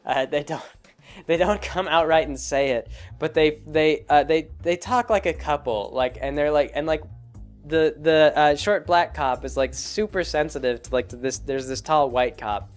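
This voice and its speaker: A man's voice: on the high side, normal speed, soft background music. Rambling man in a casual chat. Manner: rambling, full of fillers and restarts. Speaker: host. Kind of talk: casual spoken commentary.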